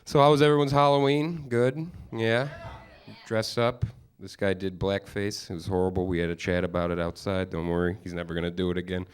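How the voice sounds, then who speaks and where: A man's voice: on the low side, clean tone. A young man hosting a live stand-up special, telling loose, self-mocking stories with crude punchlines on a studio stage. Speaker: stand-up comedian and host. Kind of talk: stand-up comedy set.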